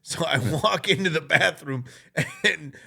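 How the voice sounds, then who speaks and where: A man's voice: fairly high pitch, animated, a little slow, gravelly, pushed and bright, husky. A man in his thirties from the Chicago suburbs, a podcast host, telling a rambling, profane story and laughing through it. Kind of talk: casual storytelling.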